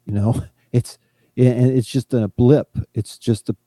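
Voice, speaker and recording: A man's voice: medium pitch, steady tone, slow, mellow, no echo. A man co-hosting a podcast, talking in a casual, reflective way with many "you know" fillers. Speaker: podcast co-host.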